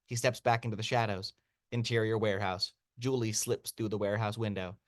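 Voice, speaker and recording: A man reading a screenplay's action lines aloud as narrator, in steady read-aloud narration. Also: lowish voice, brisk, no room sound, studio quality. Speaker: narrator of stage directions.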